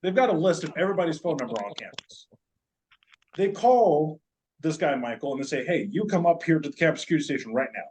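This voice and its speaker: A man's voice: on the high side, expressive, fast, a little mellow, low-quality recording. A man, a podcast guest, telling a long story in casual, joking, profane chat.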